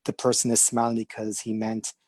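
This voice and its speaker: Guest, male, Canadian, low husky voice with a stutter, dry close sound. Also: monotone, fairly quick, darkish tone, no echo. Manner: stutters, with many fillers and restarts; laughs easily. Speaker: podcast guest, illustrator. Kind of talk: casual conversation.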